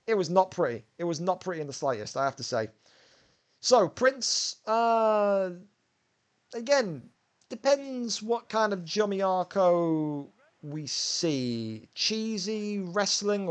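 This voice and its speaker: A man's voice: high voice, clean tone. A man hosting and commentating a video game fighting event, chatty and bantering as he rambles through the action. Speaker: commentator and host.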